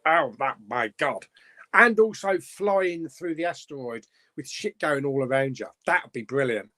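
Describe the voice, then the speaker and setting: A middle-aged man talks casually on a live stream. He sits a little high for a man's voice and his pitch swings a lot. He rambles with fillers and chuckles between comments. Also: expressive, measured pace, bright, forceful tone. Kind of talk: casual live chat reading viewer comments.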